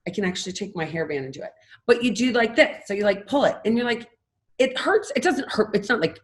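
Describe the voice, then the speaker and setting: A woman's voice: on the high side, expressive, brisk. A woman in her fifties, a podcast guest, telling her story candidly and with animation. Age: 50s. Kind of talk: casual interview talk.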